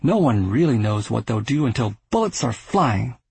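A man voicing a contented male friend who muses slowly after a meal, in a storybook reading. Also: mid-range voice, sing-song, gravelly, a little mellow, husky, dry recording, heavily acted. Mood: musing.

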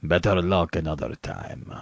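A man voicing a suave and cruel Cossack general, an aging hunter, in a storybook reading, smooth and mocking. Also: low-pitched, expressive, measured pace, no echo, studio quality, pitched below the performer's own voice, heavily acted.

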